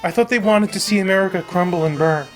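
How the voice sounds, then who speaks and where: A man's voice: high voice, fast talker, faint music behind. Sarcastic ranting comedy host, male. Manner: sarcastic, ranting, mock-dramatic. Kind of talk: satirical comedy monologue.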